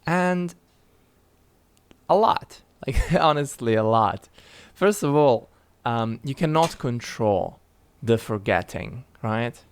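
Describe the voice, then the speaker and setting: A man's voice: mid-range voice, animated, slow pace, clean tone, no echo. A man explaining a learning tool in a casual, conversational way, asking rhetorical questions. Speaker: original course narrator.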